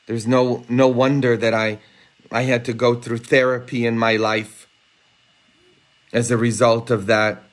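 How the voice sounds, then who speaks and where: A man preaching a homily, earnest and emphatic, rising high and intense for rhetorical questions. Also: flat delivery, unhurried, pauses often. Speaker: priest. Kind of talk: sermon. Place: church, livestreamed.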